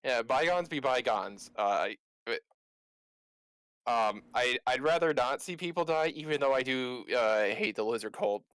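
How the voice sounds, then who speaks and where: A man's voice: mid-range voice, lively intonation, unhurried, a bit bright, smooth, dry recording, low-quality recording. Man talking close and dry at the game table. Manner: casual, chatty in-character talk. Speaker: player.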